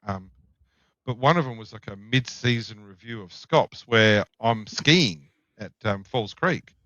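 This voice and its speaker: A man's voice: lowish voice, animated, measured pace, a bit bright, dry recording. A middle-aged Australian man, a podcast guest, telling blunt, profane anecdotes in casual chat. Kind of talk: casual storytelling. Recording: dull, dry lo-fi sound.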